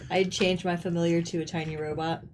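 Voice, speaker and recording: A woman's voice: fairly low pitch, level tone, fairly quick, background noise. A woman playing a tabletop game, chatty and slightly hesitant. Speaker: player. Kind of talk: casual tabletop play.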